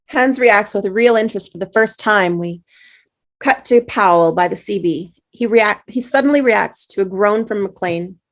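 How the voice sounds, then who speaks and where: A woman's voice: mid-range voice, moderate pace. Woman reading stage directions. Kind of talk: table read narration.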